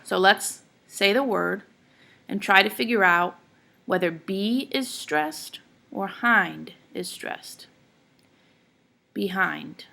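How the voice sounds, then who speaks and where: A woman's voice: medium pitch, lively intonation, slow pace, creaky, bright, forceful tone. A woman teacher giving a classroom lecture, explaining step by step in a patient way and often checking in with her students.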